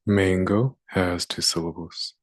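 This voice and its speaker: Slow, low-voiced man teaching phonics. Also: fairly even intonation, dry recording. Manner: slow and deliberate, sounding out words. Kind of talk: phonics lesson.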